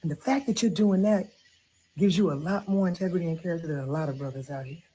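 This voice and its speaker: A woman's voice: fairly low pitch, fast, dark tone, a little hiss or hum, natural voice, poor audio. Woman doing a sassy middle-aged auntie type, blunt and preachy, comedy sketch. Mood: heartfelt advice. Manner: sassy, preachy, laughs through advice. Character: outspoken middle-aged woman advising her cousin.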